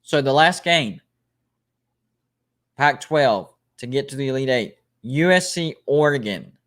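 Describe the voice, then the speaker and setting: A man runs a relaxed sports livestream at a middle pitch. He talks casually, rattles through ranked lists and reads viewer comments aloud, often stopping to restart a phrase. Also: a little slow. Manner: rambling, self-correcting, reads out ranked lists. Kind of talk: casual live-stream chat, reading viewer comments.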